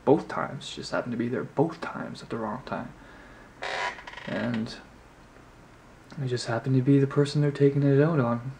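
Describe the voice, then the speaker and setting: A man tells a story straight to his camera in an easygoing, rambling way, leaning on filler words as he goes. His voice sits at a middling pitch with a gravelly, fry-edged texture. A faint background noise hums under the recording. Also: fairly even intonation, normal speed, pauses often. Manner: rambling, heavy on "you know" fillers. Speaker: vlogger.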